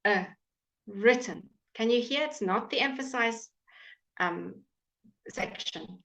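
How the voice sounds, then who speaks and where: Patiently and slowly, a woman teaches English pronunciation in a live online class from home, repeating every word so her students can copy. Her medium-pitched, fairly bright voice comes through a computer mic on the stream, and the recording is muffled.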